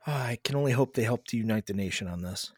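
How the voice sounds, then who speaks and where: A man's voice: fairly low pitch, quick pace, breathy edge, no echo. A man co-hosting a casual beer podcast, teasing his partner with dry sarcasm. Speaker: podcast co-host and editor. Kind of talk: casual chat about beer.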